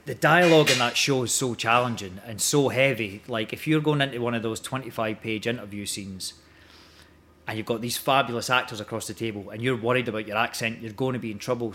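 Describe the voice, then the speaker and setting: A Scottish man in his forties chats as a studio guest in a voice of ordinary middle pitch. He rambles and often restarts his sentences. His talk is relaxed and full of small hesitations. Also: slight background noise. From Scotland. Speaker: guest actor. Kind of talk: casual chat.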